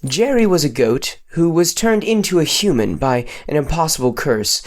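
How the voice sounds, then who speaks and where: A man improvising a silly story with playful, mock-solemn narration and sudden pitch jumps. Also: expressive, moderate pace, faint music behind.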